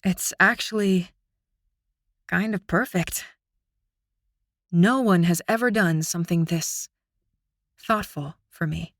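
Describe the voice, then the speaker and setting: A woman narrating a fantasy audiobook in the first person, with an expressive, intimate storytelling manner. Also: on the low side, takes it slowly, pauses often, no echo, clean studio sound.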